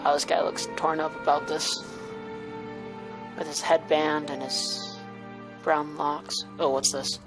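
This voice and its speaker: Excitable man commentating a game. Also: fairly high pitch, slow, long pauses. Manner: excitable, jokey reactions with mild minced oaths. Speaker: gameplay commentator. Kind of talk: let's play commentary. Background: game music.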